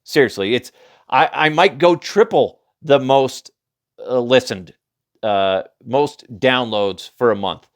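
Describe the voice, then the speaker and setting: A man's voice: medium pitch, takes it slowly. Rambling, profane male podcast host. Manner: rambling, profane, laughs at own jokes, does mocking voices. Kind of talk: casual comedic headline rant.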